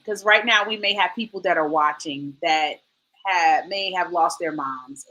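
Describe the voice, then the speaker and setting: Bright-voiced animated woman in her forties. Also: medium pitch, rough recording. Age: 40s. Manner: animated storytelling, acts out quotes. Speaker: host. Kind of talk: casual chat.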